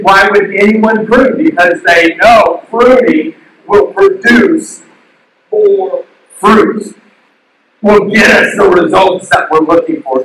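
A male pastor giving a sermon in an animated way, asking the crowd questions and acting out the quotes he tells. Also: sits high, slight background noise. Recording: distant mic in a very echoey hall.

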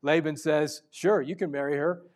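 A male pastor preaching a sermon, moving between loud urgent stretches and hushed, intimate ones. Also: a little high, steady tone, normal speed.

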